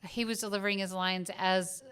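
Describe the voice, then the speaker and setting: A woman's voice: medium pitch, level tone, a little fast, fairly bright tone, clear, resonant tone. A woman with a subtle Southern US accent, co-hosting a casual film review podcast and thinking aloud with many fillers and restarts. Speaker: podcast co-host.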